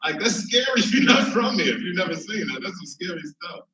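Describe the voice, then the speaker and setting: Man from Chicago, stand-up comic, high and bright voice, animated, laughs at his own jokes. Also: fairly quick, a little hiss or hum. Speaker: stand-up comedian. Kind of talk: stand-up comedy. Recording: roomy, from far mic.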